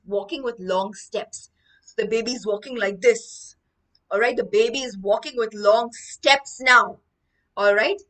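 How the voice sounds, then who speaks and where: A woman from India teaches English words while she tells a story, and she repeats each new word so that students can say it after her. Her voice is bright and a little high. The mic picks her up from some distance. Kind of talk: online vocabulary lesson with storytelling.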